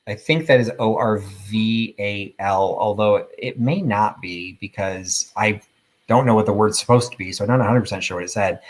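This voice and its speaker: A man's voice: fairly low pitch, fairly bright tone. A man in his fifties from the Chicago suburbs with a Midwestern accent, hosting a live vintage sale with joking, rambling, self-deprecating chat. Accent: Midwestern American. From suburbs of Chicago, Northern Illinois.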